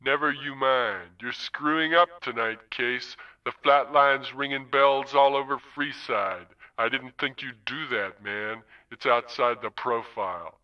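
A man voicing a languid, mocking AI posing as a pimp, slow and hushed, in an audiobook heard as dull old tape. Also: medium pitch, lightly acted. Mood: taunting.

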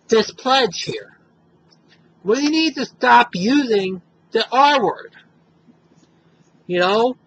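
A man records a direct-to-camera advocacy monologue, upset and openly angry. His voice is bright and forceful. He talks slowly and repeats himself for emphasis. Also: extremely high pitch, slight background noise, poor audio. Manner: impassioned, emphatic and repetitive. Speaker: video blogger.

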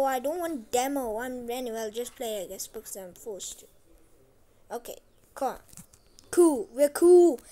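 A woman chatting casually while playing a farming game. She repeats herself often and makes an effort to speak loudly. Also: high voice. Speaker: gameplay commentator. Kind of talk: casual gameplay commentary.

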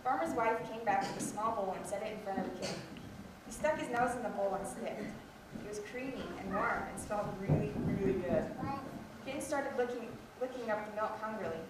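A woman reading a children's story aloud with lively expression at a school program. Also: medium pitch, fairly quick. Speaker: student reader. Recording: echoey hall from far off, noisy.

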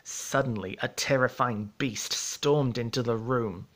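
Male storybook narrator, middle pitch, measured steady read.

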